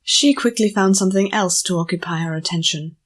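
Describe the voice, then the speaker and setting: A woman narrating an audiobook chapter in a measured storytelling manner. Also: lowish voice. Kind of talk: scripted narration.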